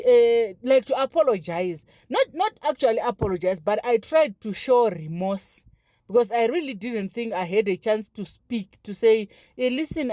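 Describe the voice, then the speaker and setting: Warm-voiced woman telling a story. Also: medium pitch, no echo, clean studio sound. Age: 30s. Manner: animated, repetitive storytelling with many fillers. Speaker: vlogger. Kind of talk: casual storytime. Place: home, braiding her daughter's hair.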